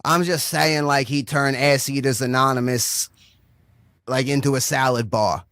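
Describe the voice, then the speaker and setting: A man's voice: medium pitch, steady tone, a little slow, fairly bright tone, no echo, studio quality. A man telling a long, crude comic story, rambling and profane, checking in with "right?" again and again.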